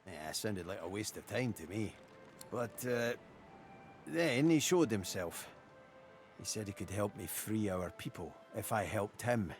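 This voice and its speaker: A man's voice: lowish voice, lively intonation, unhurried. An actor playing a blunt, sceptical male dwarf rebel in a video game, speaking plainly with a wry edge. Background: faint game music.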